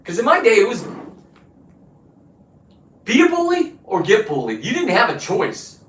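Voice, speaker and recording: A man's voice: high-pitched, wildly swooping pitch, a little slow, a bit bright. A man hosting his own show, delivering a combative, boastful, profane rant. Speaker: show host. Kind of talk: profane ranting monologue. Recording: roomy, distant from the mic.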